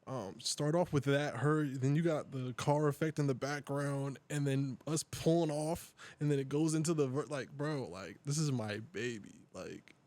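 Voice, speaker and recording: A man's voice: fairly high pitch, normal speed, hardly any pauses, darkish tone. A young man, a guest rapper and producer, talking loosely in a casual podcast chat, full of "like" and "bro".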